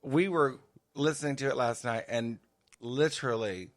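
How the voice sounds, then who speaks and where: A man's voice: medium pitch, moderate pace. A man co-hosting a podcast in brash, profane, campy casual chat. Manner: brash, profane, camp banter. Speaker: podcast co-host.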